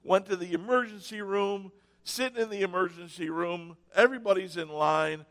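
A man preaching a sermon, telling stories with sarcastic mock cheer and dramatic pauses. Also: high-pitched, a bit bright, big-room sound. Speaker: pastor. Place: church sanctuary.

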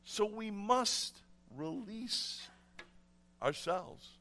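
Earnest high-voiced male preacher. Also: expressive, extremely slow, bright, forceful tone. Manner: earnest, repeats key phrases for emphasis. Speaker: pastor. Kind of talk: sermon.

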